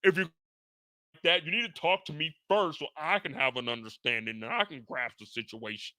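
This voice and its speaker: A man voicing an indignant middle-aged father who lectures loudly. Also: on the high side, moderate pace, dry recording, clean studio sound, voice pushed up. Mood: insistent. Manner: loud, pleading, lecturing.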